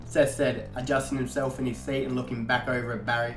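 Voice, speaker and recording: A man narrating an audiobook-style story in a steady storytelling manner. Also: medium pitch, fairly quick, hardly any pauses. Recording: echoey room, faint guitar music.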